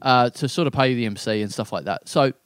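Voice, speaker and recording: A man hosting a podcast, telling a rambling, animated story in casual chat with guests. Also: mid-range voice, brisk, clear, resonant tone, no echo, clean studio sound. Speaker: podcast host and comedy night MC. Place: indoor room with co-hosts.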